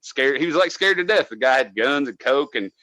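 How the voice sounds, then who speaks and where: A man from North Georgia, a podcast co-host telling a casual, profane story from his days as a cable tech, loudly acting out what people said. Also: mid-range voice, fairly quick, no echo, low-quality recording. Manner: profane, animated, acts out quotes loudly.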